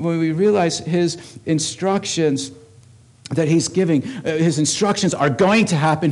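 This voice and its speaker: A male pastor delivers a sermon in an earnest, emphatic way. His voice sits at an ordinary middle pitch for a man. He is preaching to a church congregation. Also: a little mellow. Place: church service.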